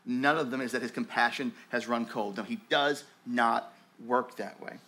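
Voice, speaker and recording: A man preaching a sermon in a conversational, animated way, often restarting his sentences and dropping to a softer, slower tone for reassurance. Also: mid-range voice. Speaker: pastor.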